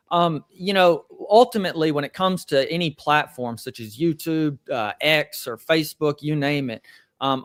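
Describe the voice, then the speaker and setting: A young man with a Southern American accent, speaking as an attorney guest in an interview. He explains things in a measured way with plenty of fillers, at a middle pitch. The sound is dry and close. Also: a bit bright, dry recording. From Tennessee, USA. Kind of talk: interview answers.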